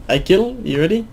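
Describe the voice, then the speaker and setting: A man's voice: on the high side, noisy background. An Australian man giving casual gameplay commentary, swearing a lot, laughing often and muttering under his breath. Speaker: gamer host.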